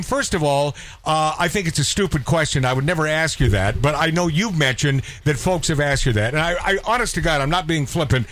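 Excitable high-voiced male radio host. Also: brisk, hardly any pauses, no room sound. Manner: excitable, stumbling restarts, laughs often. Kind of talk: casual radio chat.

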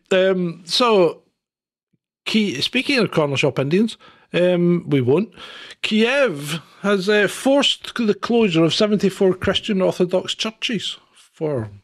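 A man's voice: high voice, expressive, slow. A man co-hosting a podcast, grumbling sardonically and swearing in casual banter. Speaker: podcast co-host.

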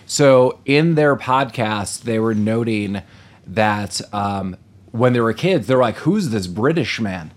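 A man co-hosting a casual movie-review podcast, animated and laughing often. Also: lowish voice, takes it slowly. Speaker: podcast co-host.

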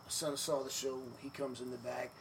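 A man with a gravelly, mid-pitched voice tells a long story as a guest in an interview. He talks easily, fills pauses with "you know" and acts out what others said. There is steady background noise under him. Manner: relaxed storyteller, many fillers, acts out quotes. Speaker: podcast guest, former wrestler. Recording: noisy room ambience.

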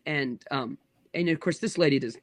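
A man's voice: fairly high pitch, normal speed, no echo, clean studio sound. A man in his thirties, a pastor, telling stories in a casual interview with lots of restarts and acted-out quotes. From United States. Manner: animated storyteller with many restarts and acted quotes.

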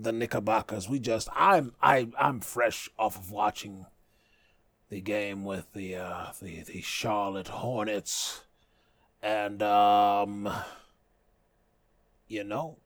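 A man's voice: lowish voice, dry recording. A man hosting a comedic podcast in a joking, profane tone, boasting in a mock-villain persona. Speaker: podcast host.

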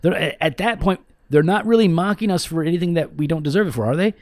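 Male co-host, slightly high voice, sarcastic and joking, dry close recording. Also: quick pace, dry recording. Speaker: podcast co-host. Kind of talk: casual chat.

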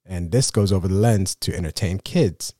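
A man's voice: deep voice, normal speed, warm tone, no room sound, clean studio sound. A man hosting his own photography podcast, talking in a rambling, self-deprecating way with many fillers and restarts. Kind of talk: casual solo podcast monologue.

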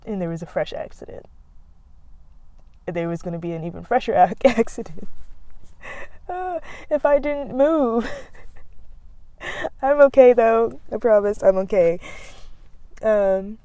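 Speaking with long pauses and no rush, this young female podcast host has a warm, smooth, medium-pitched voice with no echo. She's chatting casually outside by a road, wandering onto tangents while laughing and fumbling for words.

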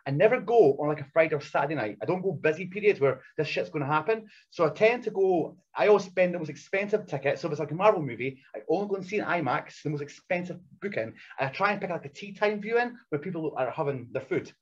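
A man, a podcast guest, telling loud, excitable stories full of swearing and acted-out quotes. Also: fairly high pitch, fast talker, hardly any pauses, slightly rough. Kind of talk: animated storytelling. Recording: dull lo-fi podcast audio.

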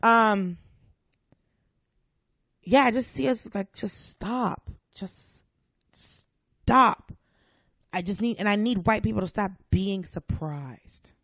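A woman from the American South, a comedian guest on a podcast, telling stories in a blunt, profane, animated way. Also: mid-range voice, takes it slowly, long pauses, dry recording. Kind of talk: casual chat.

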